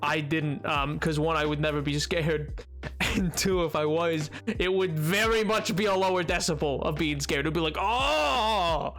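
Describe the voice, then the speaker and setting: A man's voice: on the high side, fairly even intonation, moderate pace, fairly bright tone, faint music behind. A young man live-streaming a building game, rambling casually to his chat and joking at his own expense. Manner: rambling, self-mocking, talks to chat.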